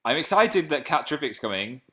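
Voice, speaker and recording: A man's voice: on the high side, sing-song, moderate pace, bright, forceful tone. A young man from England hosting a casual live stream, chatting playfully and reading out viewer comments.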